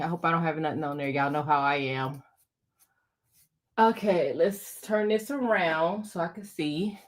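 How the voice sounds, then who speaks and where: A woman hosting a casual crafting livestream, bubbly and chatty, laughing often and talking straight to her viewers. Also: lowish voice. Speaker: crafting channel host.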